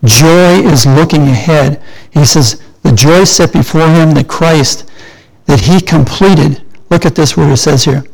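A man's voice: on the high side, measured pace, husky, rough recording. An older man preaching a sermon in a conversational way, often asking and answering his own questions.

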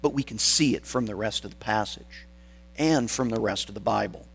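A man preaching a sermon, stressing key words and pausing for weight between phrases. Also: fairly low pitch, gravelly, breathy edge, low-quality recording. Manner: deliberate, emphatic phrasing with dramatic pauses.

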